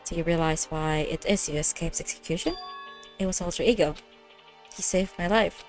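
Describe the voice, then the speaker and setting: A young woman with a fairly low voice hosts a let's play of a visual novel, speaking at a moderate pace. She voices every character's lines herself, laughing and reacting as faint game music plays behind her.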